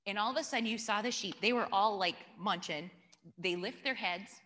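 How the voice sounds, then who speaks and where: Bright-voiced woman giving a chatty church talk. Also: medium pitch, moderate pace. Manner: chatty, storytelling, asks the audience questions. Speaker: church speaker. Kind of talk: informal church teaching talk. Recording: long hall reverb.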